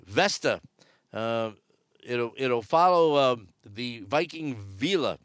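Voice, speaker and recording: A man's voice: on the high side, fairly bright tone, clear, resonant tone, dry recording, clean studio sound. A man giving casual, wry cruise news commentary from aboard a ship, joking sarcastically. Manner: chatty and wry, jokes sarcastically.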